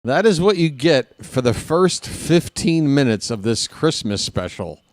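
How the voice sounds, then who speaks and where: A man calling a ballgame at an unhurried pace, drifting into joking, rambling asides between pitches. His voice is dry and close, with no room sound around it. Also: sing-song, no room sound. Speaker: play-by-play announcer. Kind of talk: casual live baseball play-by-play.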